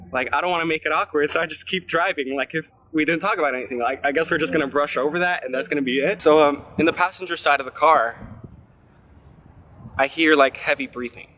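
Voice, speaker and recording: A man's voice: fairly high pitch, pushed and bright, a little hiss or hum. A man in his twenties telling a personal story for his vlog, rambling and self-deprecating, with lots of "like" fillers. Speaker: vlogger.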